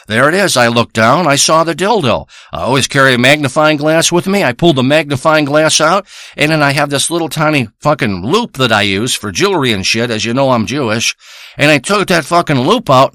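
A man's voice: fairly high pitch, pushed and bright, dry recording, studio quality. A man playing a crude, rambling male treasure hunter who boasts and swears through a comic monologue. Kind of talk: improvised comic character monologue.

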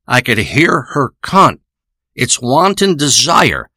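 Crude rambling man with a sharp voice. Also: mid-range voice, huge pitch swings, takes it slowly, dry recording, studio quality. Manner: profane, rambling, boastful, repeats himself. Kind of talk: rambling crude spoken monologue. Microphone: close studio microphone.

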